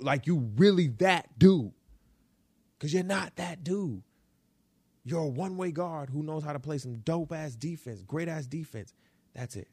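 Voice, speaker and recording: A New York man hosts a basketball talk show, ranting with emphasis and repeating lines for effect in animated commentary. His voice sits on the high side with a darkish tone, and the recording is dry, made close up in a small room.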